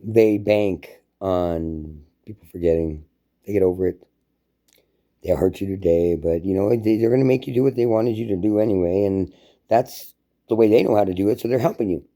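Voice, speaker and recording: Very dark-voiced man ranting. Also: fairly low pitch, moderate pace. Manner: profane, heated, storytelling. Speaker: vlogger. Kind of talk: casual monologue rant.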